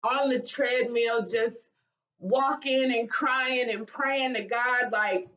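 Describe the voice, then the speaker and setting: A woman, talking in a halting, emotional way in a personal vlog, with sighs and restarts. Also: on the high side, fairly even intonation, a bit bright, distant mic, lo-fi sound. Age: 40s. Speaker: vlogger.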